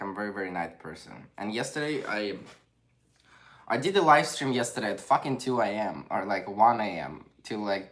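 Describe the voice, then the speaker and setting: Chatty Ukrainian-accented man, low voice. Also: fairly bright tone. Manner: chatty, reads comments aloud, non-native phrasing. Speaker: livestream host. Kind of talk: casual livestream chat reading viewer comments.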